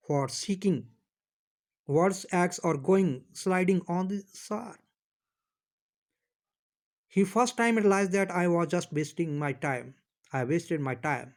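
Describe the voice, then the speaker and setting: A man's voice: a little high, expressive, normal speed. A man who teaches by reading a story aloud, rephrasing lines and explaining them in Hindi.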